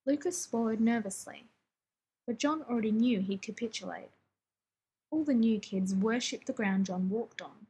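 Woman, story reader, breathy, husky, fairly high, wry. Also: measured pace, darkish tone, low-quality recording. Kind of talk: story reading.

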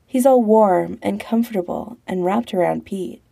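A woman narrating a romance story as an audiobook in a calm, measured way. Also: medium pitch, gravelly.

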